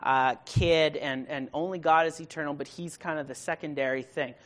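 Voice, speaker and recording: A preacher talking through a sermon in a relaxed, chatty way, full of rhetorical questions and everyday slang. The voice sits at a middling pitch and swells into loud, emphatic stretches to drive a point home. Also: normal speed. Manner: builds to loud emphatic bursts. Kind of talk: casual conversational sermon.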